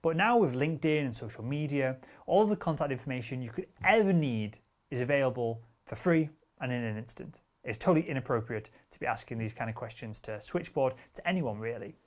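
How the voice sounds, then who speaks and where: A man's voice: medium pitch, lively intonation, brisk. A man teaching sales techniques in a direct, assertive coaching manner, with casual wording and the odd curse word. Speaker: sales trainer. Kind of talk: instructional talk.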